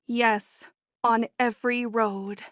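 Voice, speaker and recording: An excitable young society woman, voiced by a woman reading a storybook, bursts out in high, emphatic exclamations. Her voice sits well above an ordinary woman's register and is recorded close and dry. She comes across as bold and eager. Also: measured pace, no room sound. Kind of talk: audiobook character voice.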